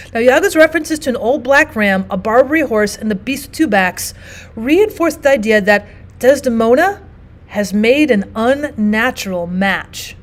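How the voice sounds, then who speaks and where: Woman teacher, fairly high voice, steady explanatory lesson narration. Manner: explanatory, steady, often starts with "now" and "so". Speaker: literature teacher.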